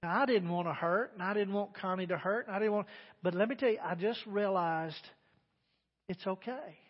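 A man preaching a sermon as pastor, with emphatic delivery that swings between loud declarations and quiet asides. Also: high voice, normal speed, breathy edge. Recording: dull, reverberant church sermon recording.

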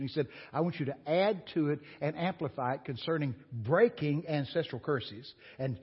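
A guest speaker preaches a sermon to a congregation in a church sanctuary, telling stories in a folksy, exclamatory, animated way. His voice is a little high with a breathy edge, and a long reverb tail trails each phrase. The recording is dull and lo-fi, typical of a church.

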